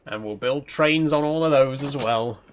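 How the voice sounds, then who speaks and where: A man from South Yorkshire with a mild Yorkshire accent, live-streaming a game and chatting as he goes. He thinks aloud in a casual, rambling way at a mid-range pitch. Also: moderate pace, a little hiss or hum. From South Yorkshire, England. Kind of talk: casual live-stream commentary while playing.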